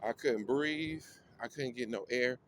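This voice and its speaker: A man tells a personal story slowly and emotionally, teary-eyed, repeating phrases and using street slang while he walks outdoors. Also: medium pitch, a bit bright, rough recording. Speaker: vlogger. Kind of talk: walking vlog, personal storytelling. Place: outdoors on a city street, walking. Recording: outdoor street noise, passing cars.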